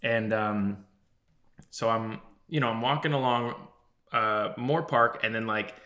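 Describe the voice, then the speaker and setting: A young man co-hosting a podcast, telling an animated story with acted-out quotes and frequent swearing. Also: on the low side, unhurried. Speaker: podcast co-host. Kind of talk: casual chat, storytelling.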